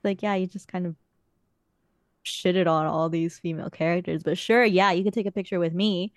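A woman's voice: lowish voice, steady tone, normal speed, no room sound, studio quality. A young woman on a podcast, casually telling stories in a chatty way with some swearing. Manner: chatty storytelling, frequent swearing. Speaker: podcast host. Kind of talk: casual chat.

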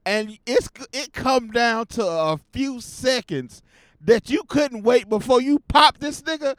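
A young adult man hosting a podcast alone, talking casually in a slangy, profane way and getting loud and fired up as he rants. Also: very high-pitched, expressive, slow, no echo, clean studio sound. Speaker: podcast host. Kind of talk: casual solo podcast rant.

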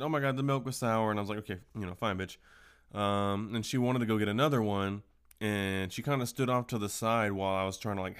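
A man's voice: fairly low pitch, clean tone. A man hosting a casual solo podcast, telling stories in a profane, ranting way. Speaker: podcast host.

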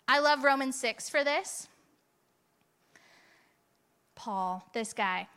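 Woman pastor, chatty emphatic sermon delivery, higher-pitched and sharp. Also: lively intonation, takes it slowly, long pauses. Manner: conversational and emphatic, with rhetorical "right?" asides. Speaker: preacher.

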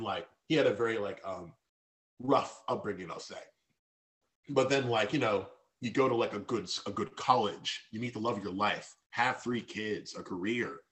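A man's voice: fairly low pitch, fairly bright tone. A man as a podcast guest, speaking candidly and reflectively about personal feelings, with many fillers and restarts.

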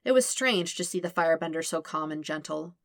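A woman narrating a fan fiction story in an even, measured reading style, slowing and softening on tender lines. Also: deep voice, no room sound, studio quality. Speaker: podfic reader.

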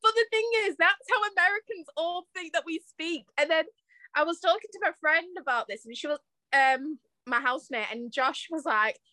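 A young woman co-hosting a podcast in casual chat, laughing often and filling pauses with ums. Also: extremely high pitch, pushed and bright, no room sound. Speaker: podcast co-host.

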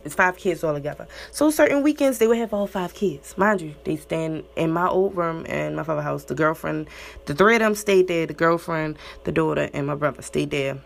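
A young woman rants in a casual, profane monologue about double standards in relationships and family. Her voice has a gravelly fry and often leaps into loud, high-pitched bursts. Faint background hiss sits under the talk.

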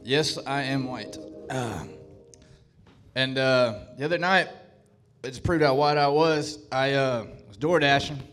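A man's voice: medium pitch, unhurried, music in the background. A man doing a stand-up set on a club stage, hesitant, full of stammered restarts. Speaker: stand-up comedian.

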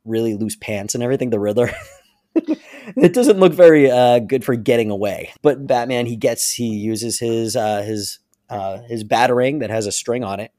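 A man's voice: medium pitch, moderate pace, dry recording, clean studio sound. A man co-hosting a podcast, animatedly retelling a story in casual chat. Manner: animated retelling with frequent laughs. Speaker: podcast co-host.

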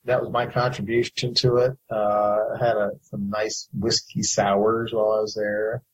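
A man co-hosting a podcast, telling a rambling, relaxed story. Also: on the low side, moderate pace, dull audio, a little hiss or hum. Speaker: podcast co-host. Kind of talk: casual chat.

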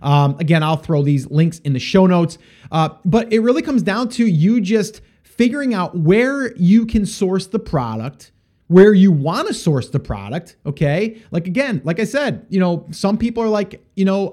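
Podcast host, male, high-pitched, casual and rambling with fillers; answers listener questions. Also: animated, moderate pace, dark tone. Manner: rambling, with frequent fillers and restarts. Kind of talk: casual solo podcast advice.

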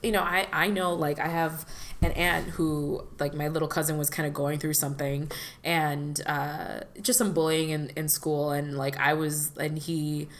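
A woman with a low voice speaks in a loose, rambling way as a podcast co-host. She fills her sentences with "like" and "you know" and often slides into laughter. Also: level tone, normal speed, slight background noise. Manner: chatty, many fillers, laughs often. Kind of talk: casual conversation.

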